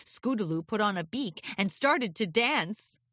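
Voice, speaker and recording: A woman reading a children's storybook aloud with expressive, lilting narration. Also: medium pitch, unhurried, dry recording, studio quality. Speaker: audiobook reader.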